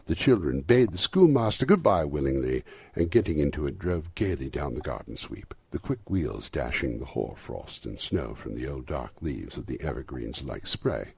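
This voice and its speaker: A man narrating a classic novel as an audiobook, reading in a lively, expressive way. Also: extremely low pitch, moderate pace, gravelly, breathy edge, dry recording.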